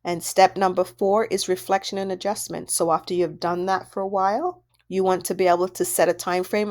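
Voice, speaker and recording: Woman, parenting coach, lowish voice, conversational teaching with rhetorical questions. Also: little pitch movement, fairly quick, few pauses, darkish tone. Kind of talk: instructional audio workbook talk.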